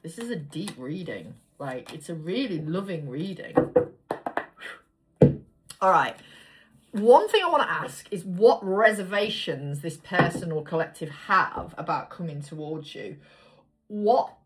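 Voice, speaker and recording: A woman's voice: fairly low pitch, lively intonation, unhurried, a little hiss or hum. A woman giving a casual tarot reading to viewers, chatty and blunt, swearing freely as she draws cards. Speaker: tarot reader.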